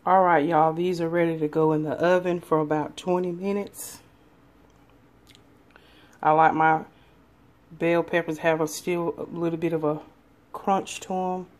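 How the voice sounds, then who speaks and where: A woman's voice: low voice, little pitch movement, unhurried, long pauses, a little mellow. A woman, chatting casually with viewers in a folksy cooking and eating vlog from her home kitchen. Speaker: cooking vlogger.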